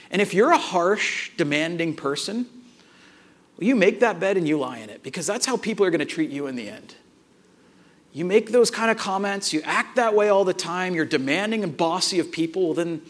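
High-voiced man preaching through a story. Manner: animated storyteller, acts out dialogue, frequent restarts. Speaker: pastor. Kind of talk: sermon with personal storytelling.

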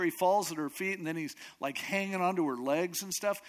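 A man's voice: on the high side, moderate pace, fairly bright tone. A man casually retelling a scripture story in a sermon, acting out each character. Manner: chatty retelling with frequent acted quotes.

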